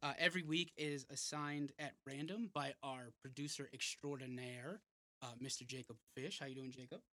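A man's voice: medium pitch, fairly even intonation, normal speed, pushed and bright, no room sound, clean studio sound. A man in his thirties hosting a casual podcast, joking, laughing and swearing freely. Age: 30s. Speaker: podcast host.

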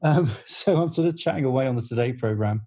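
A man's voice: medium pitch, quick pace, warm tone, slightly rough, poor audio. A middle-aged man, a music journalist, telling a long anecdote in casual podcast chat, full of fillers and restarts. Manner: rambling storyteller with many fillers and restarts.

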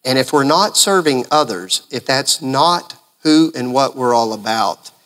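A male pastor preaching a sermon in an animated way, full of rhetorical questions. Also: mid-range voice, a little slow.

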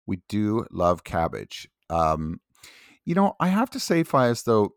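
A man meanders through a casual podcast chat, hesitating and laughing easily. His voice is very deep. The recording is close and dry. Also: wildly swooping pitch, slow pace, smooth, dry recording. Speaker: podcast co-host.

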